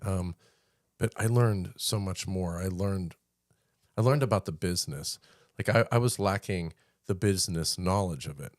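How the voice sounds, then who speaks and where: Deep-voiced man, hesitant and searching. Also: normal speed, darkish tone, no room sound, studio quality. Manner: hesitant, searching for words with fillers. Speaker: commercial photographer, co-host. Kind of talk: casual conversation.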